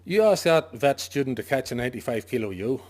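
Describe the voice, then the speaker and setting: A sheep farmer gives an informal talk to fellow farmers, stressing his points emphatically, asking himself questions and answering them, and tossing in the odd joke. His mid-range voice is animated and darkish, and he speaks fairly quickly.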